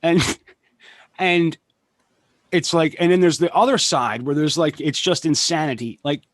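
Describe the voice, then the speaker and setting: On a podcast, a male punk musician rambles through casual chat, cursing often and drifting off his point. His voice is a little high and unhurried, recorded with no room sound.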